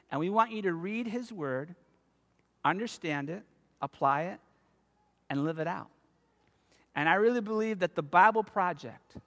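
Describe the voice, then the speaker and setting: A man in his fifties preaching a sermon as a pastor, telling stories with animated emphasis. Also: high-pitched. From United States. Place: church sanctuary. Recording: long reverb of a church hall.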